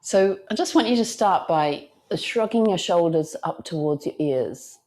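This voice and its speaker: A woman teacher guiding a yoga class, talking gently and soothingly and counting breaths aloud. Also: on the low side, animated, unhurried. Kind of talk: guided yoga class instruction.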